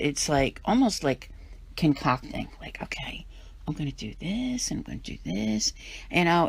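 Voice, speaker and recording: A woman's voice: deep voice, no room sound. Woman tarot reader, emphatic and chatty, dry close sound. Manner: emphatic, conversational, acts out worried inner voices. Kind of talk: weekly tarot reading.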